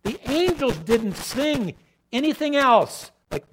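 A man preaching a sermon, swinging between loud emphatic repetition and low quiet asides. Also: sing-song, slow, background noise.

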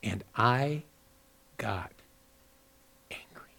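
A man preaching a sermon as a pastor, moving between loud, emphatic exhortation and quieter personal storytelling with repeated words. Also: medium pitch, drawn-out words, vocal fry. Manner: repeats and restarts words when telling a story.

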